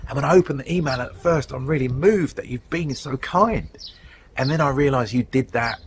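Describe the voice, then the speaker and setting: A middle-aged man delivers a sermon outdoors on a windy day. He talks in a conversational, animated storytelling manner at a mid pitch, with a faint hiss of wind and open ambience behind him. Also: normal speed, poor audio. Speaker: guest preacher.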